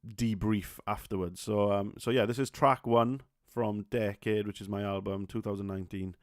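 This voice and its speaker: A young Welshman with a lowish, steady voice hosts a solo podcast at normal speed. He talks casually, full of fillers, restarts and swearing. The studio-quality recording has no room sound.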